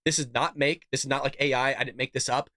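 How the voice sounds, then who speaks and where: A man's voice: mid-range voice, steady tone, fast, pushed and bright, no room sound, studio quality. Sarcastic ranting male host with a cough. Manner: sarcastic, indignant, rhetorical questions. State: sick with a cough. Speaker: show host. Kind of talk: political commentary rant.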